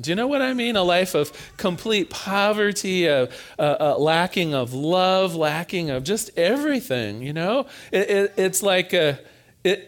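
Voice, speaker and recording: A man preaching a conversational sermon, animated and informal, often repeating words as he builds a point. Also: a little high.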